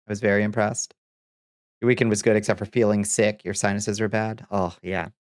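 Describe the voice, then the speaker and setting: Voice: medium pitch, level tone, brisk, no room sound, clean studio sound. A streamer from the American South, stuffy and congested, chatting casually with viewers, reading their messages and laughing often. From Southern United States. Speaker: VTuber streamer host. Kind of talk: casual livestream chat, reading chat aloud.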